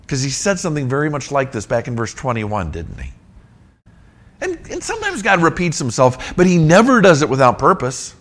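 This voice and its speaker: A man preaching a sermon on scripture, emphatic, rising to near-shouts and dropping low. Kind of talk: expository sermon.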